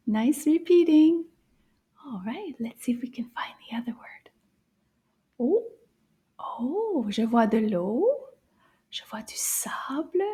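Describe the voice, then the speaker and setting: Woman, high voice, very slow delivery, kids' French teacher; gasping wonder, whispered asides, stretched-out words. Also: dark tone. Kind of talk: slow, playful kids' lesson.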